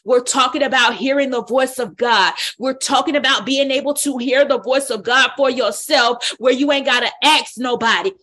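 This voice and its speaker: A woman leading a Bible study, preaching with a lively exhorting style and colloquial speech. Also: high-pitched, moderate pace, hardly any pauses. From United States. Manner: exhorting, call-and-response, colloquial.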